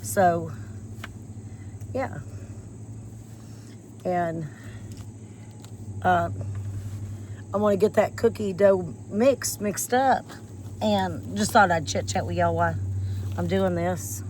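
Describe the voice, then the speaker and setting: This woman speaks slowly with long pauses in a fairly low, somewhat mellow voice while she weeds outside near a porch. She rambles to her viewers in a folksy, casual way, coughing slightly from a chest infection, with some hiss or hum in the audio.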